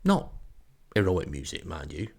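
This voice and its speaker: Telling a comic story from his own life, this older Northern English podcast host is wry, chatty and self-deprecating. His deep voice is creaky and slightly rough, swings hugely in pitch, and moves a little slowly.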